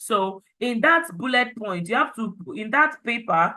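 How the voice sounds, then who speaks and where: Brief: Nigerian woman teacher, chatty and upbeat, with a tense, bright edge. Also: a little high, unhurried, rough recording. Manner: lively, chatty and encouraging, mixing in pidgin. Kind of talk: online class lecture.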